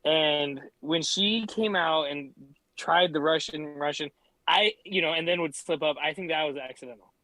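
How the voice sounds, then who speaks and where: Man, podcast co-host, laid-back, swears freely, bright tone, dry sound. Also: a little high, moderate pace, no room sound, poor audio. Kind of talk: casual chat.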